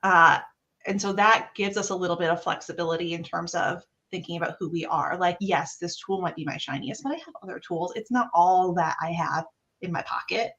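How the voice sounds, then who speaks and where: A woman talking casually as a guest improviser, animated and acting out her own thoughts in a higher voice. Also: brisk, lo-fi sound. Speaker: guest improviser and behavior analyst. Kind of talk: casual chat.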